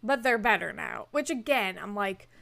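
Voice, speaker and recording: A woman's voice: medium pitch, big pitch swings, moderate pace, vocal fry, fairly bright tone, no echo. A young woman co-hosting a podcast, recapping a TV episode in casual chat, full of "like" and laughing as she acts out quotes. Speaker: podcast co-host.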